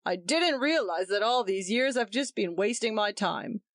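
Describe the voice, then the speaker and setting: A woman's voice: mid-range voice, expressive, moderate pace, dry recording, lightly acted. A woman reading aloud voicing a smug, jovial man who needles his host with irony and turns indignant when insulted. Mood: mocking.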